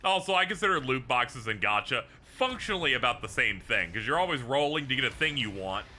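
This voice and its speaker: A man's voice: fairly quick, slight background noise. A man streaming a game, chatting casually with viewers, laughing and swearing as he talks. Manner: animated, swings between squeaky highs and low mutters. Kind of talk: casual gaming stream chat.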